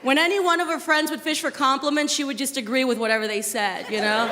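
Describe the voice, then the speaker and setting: High-voiced woman doing stand-up. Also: fast, few pauses. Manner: animated, punchy storytelling. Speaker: stand-up comedian. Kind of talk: stand-up comedy set. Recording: echoey venue, loud laughing crowd.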